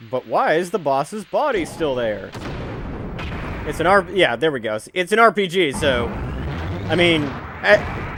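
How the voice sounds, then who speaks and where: A man's voice: on the high side, background noise. Chatty, jokey man commenting on a game. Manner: chatty and jokey, with loud excited outbursts. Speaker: let's play commentator. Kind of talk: casual video game commentary.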